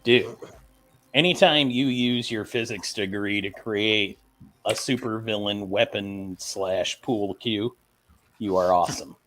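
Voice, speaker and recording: A man's voice: lowish voice, slow, fairly bright tone, slight background noise. A man chatting enthusiastically and joking in a casual online video-call hangout. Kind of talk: casual online group chat.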